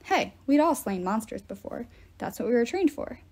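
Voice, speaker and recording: Mellow woman reading a novel aloud. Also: a little high, big pitch swings, normal speed. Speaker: reader.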